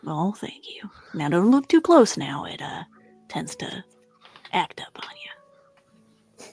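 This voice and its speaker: A woman's voice: medium pitch, big pitch swings, measured pace, creaky, husky, faint music behind, full character voice. A woman voicing a tinkerer character in a whispered role-play, drawling and hesitant. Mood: wry. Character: character named Nayland, a gruff tinkerer.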